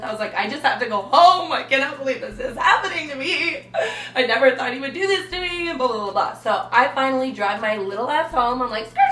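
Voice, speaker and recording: Bright, dramatic young woman vlogger. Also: fairly high pitch, recorded from a distance. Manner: animated, dramatic, acts out quotes. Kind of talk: storytelling vlog. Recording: echoey room, away from mic.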